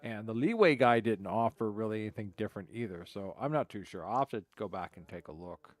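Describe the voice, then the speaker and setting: A man's voice: on the low side, lively intonation, a little fast, dry recording. A man casually commenting while playing a game, rambling and hesitant with a self-mocking edge. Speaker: game streamer.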